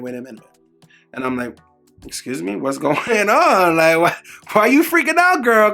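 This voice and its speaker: Bright-voiced young man, candid vlog story. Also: a little high. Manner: animated, candid, acts out quoted exchanges. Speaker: vlogger. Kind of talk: casual storytelling to camera.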